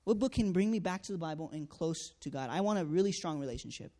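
A man tells a personal testimony in an earnest, storytelling manner. His voice sits a little high for a man. He acts out each exchange and leans on fillers as he goes. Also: lively intonation, fast talker, warm tone. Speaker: student canvasser sharing a testimony.

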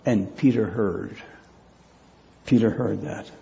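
A man preaching a sermon as pastor, speaking deliberately and repeating key phrases for weight. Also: fairly low pitch, steady tone, creaky, dark tone, dull audio.

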